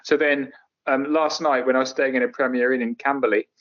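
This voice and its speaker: A man's voice: mid-range voice, fairly even intonation, brisk, dull audio. A middle-aged man chatting as a podcast guest, sardonic and jokey as he tells stories. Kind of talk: casual chat.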